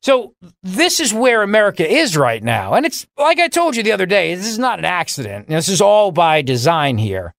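A middle-aged man hosting a political talk radio show, delivering a sarcastic, mocking monologue with sudden jumps in pitch for emphasis. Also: sing-song, moderate pace, a bit bright, no echo, clean studio sound.

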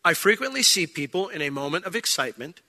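As pastor, a man preaches a verse-by-verse sermon in a conversational way, acting out little scenes with different voices. His voice is a little high and sing-song, quick and sharp in tone. The church sanctuary gives it a long hall reverb.

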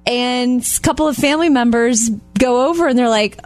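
A woman co-hosting a chatty show, telling stories in a lively, animated way. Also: on the high side, moderate pace, dry recording. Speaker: radio co-host. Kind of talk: casual chat.

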